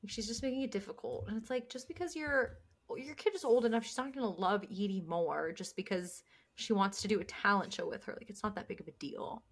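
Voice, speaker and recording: A woman's voice: mid-range voice, a little fast. A woman co-hosting a podcast, chatting casually as she recaps a TV episode, laughing often and acting out the characters' lines. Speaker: podcast co-host.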